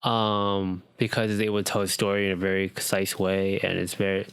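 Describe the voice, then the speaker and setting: A young man with a fairly low voice talks through his opinions in a loose, rambling way, full of ums and self-corrections. The recording is dry and close, with no room sound. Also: flat delivery, moderate pace, a bit bright, clean tone, no room sound. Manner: rambling with many ums and restarts. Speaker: podcast co-host. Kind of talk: casual chat.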